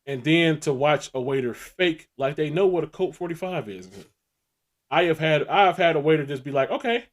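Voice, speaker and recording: A man's voice: fairly high pitch, moderate pace. A man co-hosting a podcast, telling crude, laid-back stories in casual chat and laughing often. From American Midwest. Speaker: podcast co-host.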